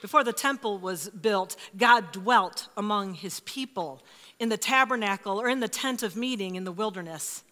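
A woman in her fifties preaching a sermon in a church, expressive and emphatic, sometimes dropping to a hush. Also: mid-range voice, moderate pace. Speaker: pastor. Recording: reverberant church hall.

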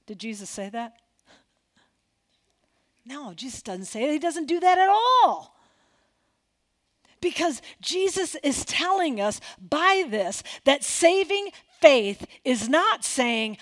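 Expressive woman preaching a sermon. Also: on the high side, a little slow. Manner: expressive preaching, acting out quoted dialogue, dropping to near whispers. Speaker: pastor.

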